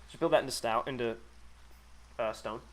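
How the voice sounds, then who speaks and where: A man's voice: mid-range voice, normal speed, fairly bright tone. A man streaming a game live, chatting casually, joking with his chat and swearing a lot while he builds. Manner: swears often, jokes and banters with chat; self-mocking, mutters while building. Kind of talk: casual live gameplay commentary.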